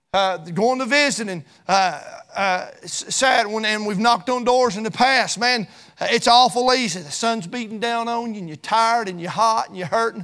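A man preaching a sermon at a church service, fervent and emphatic, then dropping to a hushed tone for the closing prayer. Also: high-pitched. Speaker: pastor.

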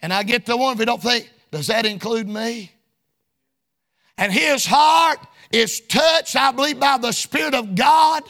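In an unhurried, very high-pitched voice, a male preacher gives a sermon with a sing-song lilt. His phrasing is folksy and colloquial, and he shouts a lot.

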